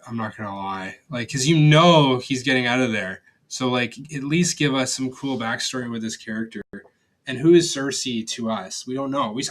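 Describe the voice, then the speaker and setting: A man's voice: mid-range voice, a bit bright, a little hiss or hum. A young man giving a casual, rambling film review, blunt and profane, with lots of fillers and restarts. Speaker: movie reviewer.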